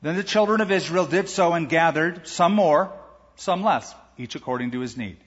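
A man's voice: a little high, animated, moderate pace, slightly rough. A man preaching a sermon, reading scripture and explaining it in a conversational way with asides. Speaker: pastor. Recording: echoey hall, dull lo-fi sound.

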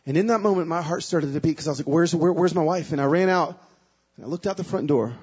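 A man giving a sermon as a guest speaker, telling a personal story with emotion, moving between hushed and loud, pleading passages. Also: on the high side, fast talker, slightly rough, highs cut off.

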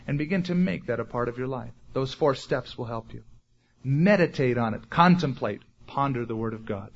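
A man preaching a sermon in an earnest, deliberate way, slowing down and rising in force on questions. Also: medium pitch, expressive, vocal fry, slightly rough, dull audio. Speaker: pastor.

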